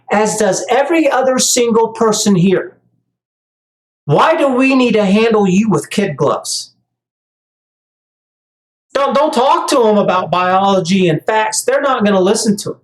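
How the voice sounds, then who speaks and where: A heated commentator rants straight to the viewer in a monologue, tripping over and repeating words as the points pile up. The voice sits in a mid range and rings in a roomy, echoey space. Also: mid-range voice. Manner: heated, stammering restarts. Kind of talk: ranting monologue. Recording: echoey room.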